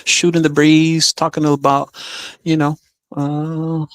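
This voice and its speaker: A chatty man hosting a casual livestream, his voice sitting a little high. He is upbeat, full of fillers, and reads viewer comments aloud. The sound is close and dry, with no room in it. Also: monotone, slow, smooth, dry recording. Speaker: livestream host.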